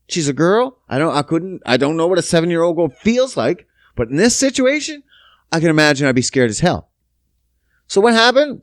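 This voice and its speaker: Profane, animated man telling a story. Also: dry recording, clean studio sound. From Canada. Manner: profane, emphatic, big pitch swings. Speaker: podcast host. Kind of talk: casual storytelling monologue.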